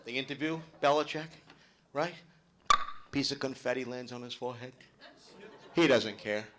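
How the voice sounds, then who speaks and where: A middle-aged man doing loud, animated, swearing stand-up storytelling at a club show. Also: mid-range voice, moderate pace, heavy background noise. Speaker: stand-up comedian. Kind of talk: live stand-up comedy. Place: club event hall with live audience.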